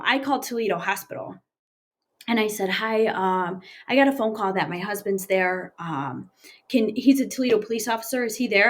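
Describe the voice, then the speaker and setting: A woman in her thirties, an interview guest, recounting a personal story in a plain, halting way with many fillers. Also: mid-range voice.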